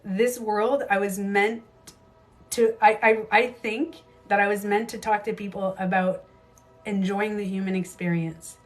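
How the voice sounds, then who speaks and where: A woman's voice: medium pitch, soft background music. Candid, swearing woman telling life stories. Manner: candid, swears freely, animated retelling with quick asides. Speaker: beauty coach livestream host. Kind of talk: casual livestream storytelling.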